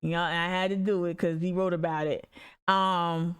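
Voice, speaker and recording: A woman's voice: fairly low pitch, level tone, moderate pace, a bit bright, smooth. A woman hosting an activist podcast, reading articles aloud and breaking off into profane, fired-up rants. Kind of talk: casual livestream commentary.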